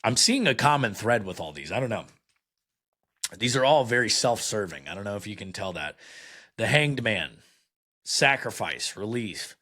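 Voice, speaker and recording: Blunt, sarcastic man with a lowish voice. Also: pushed and bright. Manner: sarcastic, blunt, with frequent fillers. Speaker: podcast host. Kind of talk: critical commentary reading card meanings aloud.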